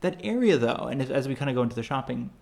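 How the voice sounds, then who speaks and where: A man's voice: mid-range voice, animated, very fast, creaky, a little mellow. A man co-hosting a podcast, chatting casually about travel, rambling with lots of fillers and restarts. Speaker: podcast co-host.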